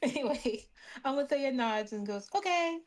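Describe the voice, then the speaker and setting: A woman's voice: mid-range voice, lively intonation, measured pace. A woman narrating her character in a casual tabletop game, playful. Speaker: player. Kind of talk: casual role-play narration.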